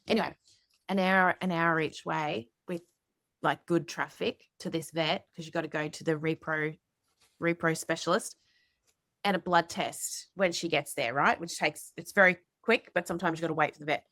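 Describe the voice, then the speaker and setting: A woman hosting a podcast, telling a story in a chatty, animated way with lots of fillers. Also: deep voice, moderate pace, no echo. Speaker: podcast host. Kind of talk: casual storytelling chat.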